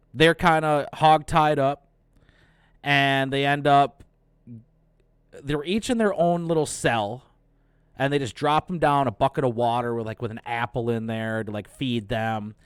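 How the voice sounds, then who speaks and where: A young man hosting a casual movie review, retelling the plot excitedly, cursing and acting out lines. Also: medium pitch, clean tone, no echo, clean studio sound. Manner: excited, profane retelling with acted-out quotes. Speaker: host.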